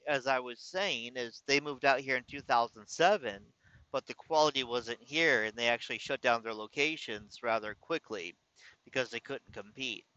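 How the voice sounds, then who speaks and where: Slow-talking man telling a story. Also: mid-range voice, pushed and bright, clear, resonant tone, dry recording, highs cut off. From California. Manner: slow, reflective, with pauses and restarts. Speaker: vlogger. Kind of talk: casual storytelling to camera.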